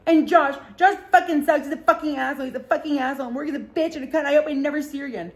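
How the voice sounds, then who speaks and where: A woman mimicking a drunk, whiny young woman friend who keeps repeating her swearing accusations. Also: very fast. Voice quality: high whiny pitch.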